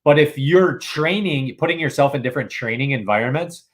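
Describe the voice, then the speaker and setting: A man's voice: mid-range voice, fairly quick. A man in casual podcast chat, explaining with enthusiasm, many restarts, and frequent use of "dude". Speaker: podcast co-host.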